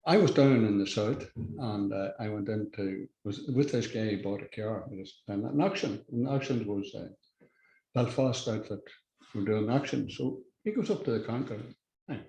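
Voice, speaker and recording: An older Irish man, a podcast guest, talking in a halting, blunt way with frequent restarts and swearing. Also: on the low side, warm tone, roomy sound, low-quality recording. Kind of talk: casual conversational interview.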